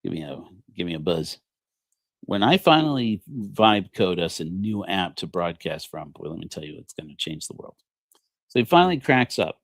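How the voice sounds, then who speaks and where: A man's voice: sits low, sing-song, moderate pace, vocal fry, no room sound. A man preaching a comedic, rambling sermon on a livestream, joking and self-deprecating. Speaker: preacher of a parody church.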